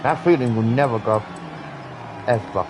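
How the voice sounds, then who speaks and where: A man's voice: mid-range voice, normal speed, noisy background. A British man in his thirties rambling earnestly in a casual live-stream chat, swearing often. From Britain.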